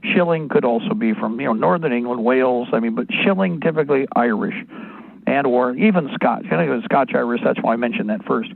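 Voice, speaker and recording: A man's voice: mid-range voice, brisk, gravelly, no room sound. A man hosting a talk radio show, speaking in a rambling, digressive monologue full of asides. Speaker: radio host. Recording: narrow phone-like band, dry.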